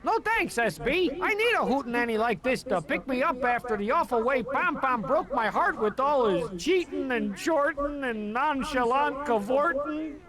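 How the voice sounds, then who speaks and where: An actor playing a dim, cheerful cartoon party guest in a game, goofy and sing-song. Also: male voice, extremely high pitch, expressive, moderate pace, few pauses, crowd noise. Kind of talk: video game voice acting.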